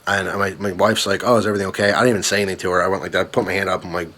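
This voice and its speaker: A man's voice: low-pitched, little pitch movement, racing, bright, forceful tone. A young man telling an angry storytime rant, worked up and swearing, with frequent restarts.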